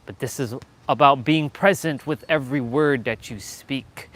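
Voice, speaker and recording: A man hosting a rambling motivational live stream, dropping to low murmurs and then pushing words out slowly and loudly for emphasis. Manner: swings from low murmurs to loud, slow, drawn-out emphasis; laughs often, casual and self-aware.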